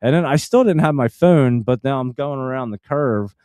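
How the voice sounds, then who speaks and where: A man's voice: mid-range voice, normal speed, mellow, smooth, no echo, studio quality. A man telling a casual story in a rambling way, full of fillers and restarts. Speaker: stock channel host.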